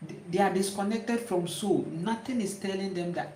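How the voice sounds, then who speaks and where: A woman's voice: medium pitch, moderate pace, dark tone, a little hiss or hum. Emphatic Ghanaian woman in an echoey room. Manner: emphatic, repeats words, stammering restarts. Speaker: spiritual teacher. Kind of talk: casual spiritual talk. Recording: roomy echo.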